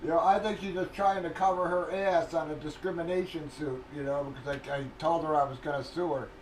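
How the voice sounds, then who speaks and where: Livestream host, man, high voice, profane ranter. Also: steady tone, fairly quick, slight background noise, rough recording. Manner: profane, ranting, venting. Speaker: livestream host running a card break. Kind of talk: casual livestream chat.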